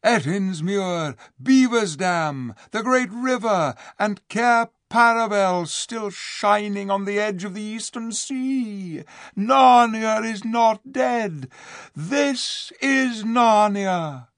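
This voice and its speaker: A man's voice: high-pitched, slow, no echo, clean studio sound, voice pushed up. A man voicing a great male eagle who cries out proudly to kings and queens in an audiobook reading. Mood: exultant. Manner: crying out in loud triumph. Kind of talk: audiobook character voice.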